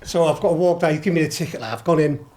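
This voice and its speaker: A middle-aged man from Liverpool with a Scouse accent, a podcast guest telling a story in a lively, sweary way, often laughing. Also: a little high, fast talker. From Liverpool, England. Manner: animated, swears a lot, laughs while telling. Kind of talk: storytelling anecdote.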